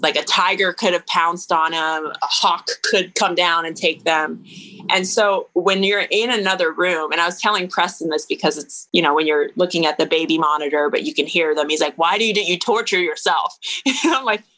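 A woman in her thirties, a podcast guest, talking in an earnest, reflective way with lively bursts. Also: lowish voice, normal speed, poor audio. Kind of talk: casual interview conversation.

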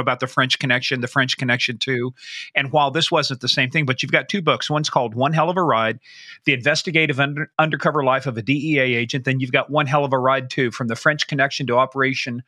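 A man's voice: medium pitch, sharp tone, no room sound. A man hosting an interview podcast, eagerly asking questions and setting up the story for his guest. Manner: eager questioner who sets the stage and jokes with his guest. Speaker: podcast host.

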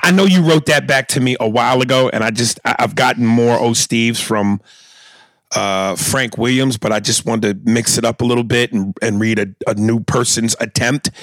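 A man's voice: medium pitch, fairly bright tone, dry recording. A man co-hosting a podcast, reading listener emails aloud in a dry, wry casual manner and stumbling into self-corrections. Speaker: podcast co-host.

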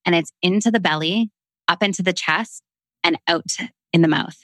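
A woman with a Canadian accent who talks casually and then slows into a calm, soothing voice to guide a breathing exercise. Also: on the low side, no room sound. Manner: calm, slow, soothing when guiding.

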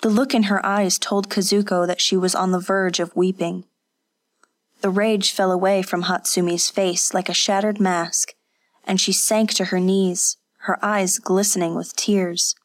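A woman narrating an audiobook in a measured, unhurried manner. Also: medium pitch, level tone.

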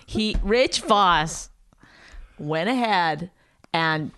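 A woman's voice: medium pitch, drawn-out words, a bit bright, clear, resonant tone, no echo. A woman with a New York accent co-hosting a podcast, teasing and incredulous, swearing freely in casual banter. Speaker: podcast co-host.

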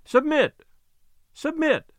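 A man voicing a decided farm mother in an old storybook tale, calling her child home with sharp commands. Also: very high-pitched, animated, takes it slowly, dry recording, voice pushed up, exaggerated voice. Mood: commanding.

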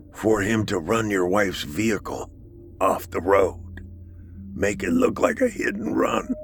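A man voicing a frail, dying male inmate with a croaky voice, speaking slowly in a hushed near-whisper. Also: sits low, exaggerated voice.

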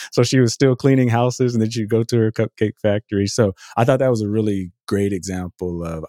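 Deep mellow guy rambling on a podcast, fixes himself mid sentence a lot, dry close sound. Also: fast talker, no echo. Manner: rambling, self-correcting, laughs often. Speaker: podcast guest, author. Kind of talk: casual podcast chat.

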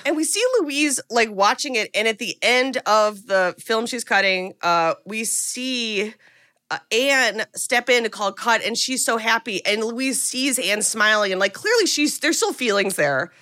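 A young woman co-hosts a podcast, retelling a film's plot in casual, animated chat. Her voice is bright and fairly high. The recording is dry and close. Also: unhurried, no room sound. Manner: animated retelling, acting out quotes in lively voices. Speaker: podcast co-host recapping a film.

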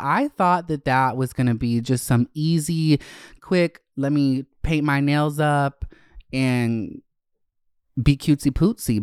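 A man hosting his own podcast in a camp, chatty solo talk, gushing about himself with sudden swoops up in pitch. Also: clear, resonant tone, no room sound, studio quality. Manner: gushing and self-hyping. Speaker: podcast host. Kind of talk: casual solo podcast chat.

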